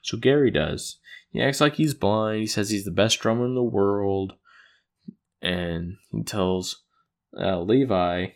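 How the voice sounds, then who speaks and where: Speaking slowly in a fairly low voice, a man offers a laid-back recap of an episode he wrote. It's a chuckling, rambling account, full of fillers and frequent self-corrections.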